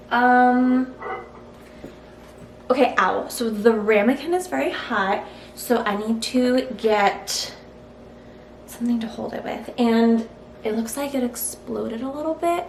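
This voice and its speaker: A woman's voice: fairly high pitch, lively intonation, slow, pauses often. A woman testing a recipe in her home kitchen for a cooking vlog, chatty and frank, thinking aloud as she goes. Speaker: cooking vlogger. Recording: roomy kitchen echo, faint hiss.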